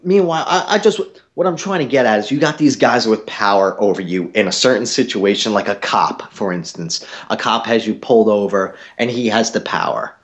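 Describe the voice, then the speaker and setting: A young man hosting a podcast, telling a story in a casual, animated way and swearing a lot. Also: lowish voice, fairly quick, hardly any pauses. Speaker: podcast host.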